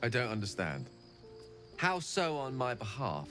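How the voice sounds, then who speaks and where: A man's voice: medium pitch, wildly swooping pitch, measured pace, fairly bright tone, soft background music. An actor playing a bewildered, impatient young male wizard in a video game. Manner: pleading, exasperated.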